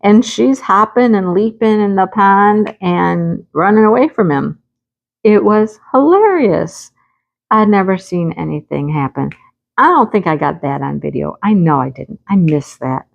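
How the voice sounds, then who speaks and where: A woman craft vlogger at her rural home, telling a lively anecdote in a casual chat, often laughing. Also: mid-range voice, unhurried, gravelly, highs cut off.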